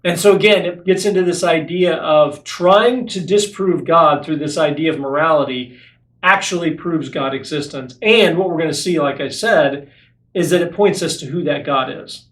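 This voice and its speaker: A man's voice: on the high side, normal speed, fairly bright tone, echoey room, poor audio. A man hosting a faith podcast, explaining ideas earnestly and repeating key phrases for emphasis. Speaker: podcast host. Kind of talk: apologetics podcast teaching.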